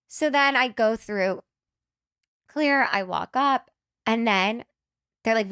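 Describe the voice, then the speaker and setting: A young woman from New Jersey hosting a podcast, telling a long rambling story in casual chat with quick asides. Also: mid-range voice, a bit bright, smooth, no echo, clean studio sound. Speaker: podcast host.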